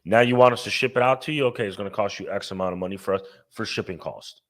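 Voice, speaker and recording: Co-hosting a casual car podcast, a man rants and swears with emphasis in a rapid-fire, fairly low voice. The chat is loose and full of profanity.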